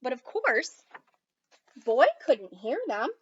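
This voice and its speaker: A woman reading a children's storybook aloud in an expressive, unhurried way. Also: high voice, slightly rough, highs cut off. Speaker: storybook reader.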